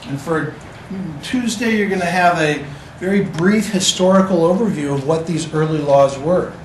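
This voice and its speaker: A man's voice: on the high side, moderate pace, distant mic, a little hiss or hum. A man teaching a class, with a casual, joking lecture manner. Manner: casual, joking, talks to students. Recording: echoey classroom recorded from afar.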